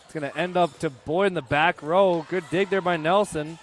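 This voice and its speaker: A young man adds relaxed color commentary to a high school volleyball broadcast, analyzing the play between points. His voice runs slightly high. Soft gym noise sits behind him. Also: normal speed.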